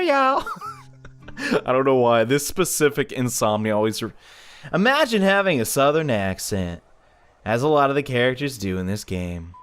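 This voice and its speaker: An excitable man gives casual commentary over his game, laughing often and gushing about what he sees. His voice swings widely in pitch, and faint game music plays behind him. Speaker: let's play host.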